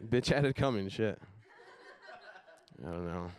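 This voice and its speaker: A young man doing a stand-up comedy set on a live stage, deadpan, dropping his voice low for asides. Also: measured pace.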